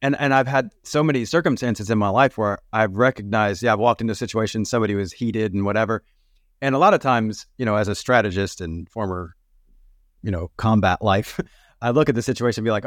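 A man talking as a podcast guest, animated and quick in bursts, often laughing as he tells stories. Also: lowish voice, no echo, studio quality. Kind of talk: reflective conversational podcast.

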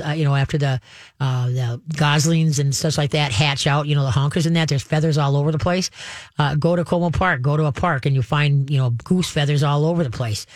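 A man's voice: a little high, dry recording, studio quality. A man hosting a call-in radio show on pet advice, talking in a folksy, rambling way with many fillers and restarts. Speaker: radio pet expert host.

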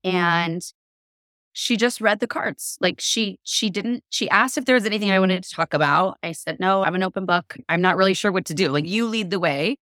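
A woman in casual conversation, telling a lively story with lots of "like" and acted-out quotes. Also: medium pitch, moderate pace, dry recording, clean studio sound. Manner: animated, acts out quoted voices, many "like" fillers. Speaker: podcast guest.

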